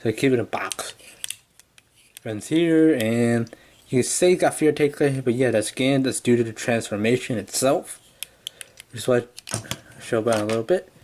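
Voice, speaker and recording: A man's voice: mid-range voice, moderate pace, long pauses, a little mellow. A man casually reviewing a toy, rambling with lots of fillers and restarts. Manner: rambling, full of "yeah" and "kinda".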